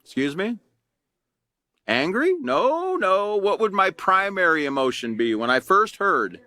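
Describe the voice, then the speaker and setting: A man's voice: high-pitched, very animated, measured pace, bright, forceful tone, no echo, studio quality. A middle-aged man, teaching an anger management class in a casual, conversational way and asking his students questions.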